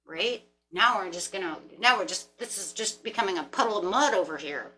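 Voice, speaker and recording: Lady tarot reader just chatting away to the camera, bright clear tone, kinda rambly and animated. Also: medium pitch, a little fast, slight background noise. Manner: rambling, animated, talks to herself with laughs and mock voices. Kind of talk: casual spiritual talk to camera.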